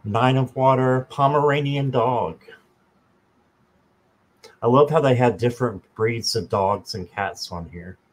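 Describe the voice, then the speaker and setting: Slow-talking man hosting a live stream. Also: medium pitch, poor audio. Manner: slow, chatty, talks to viewers by name, jokes. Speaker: tarot reader and channel host. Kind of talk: casual live-stream chat.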